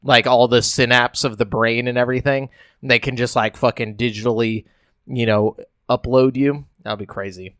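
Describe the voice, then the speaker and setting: A man's voice: mid-range voice, fairly even intonation, fairly bright tone, dry recording, clean studio sound. Joking young man on a podcast. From Texas. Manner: joking, quick to put on silly voices. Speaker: podcast co-host. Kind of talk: casual chat.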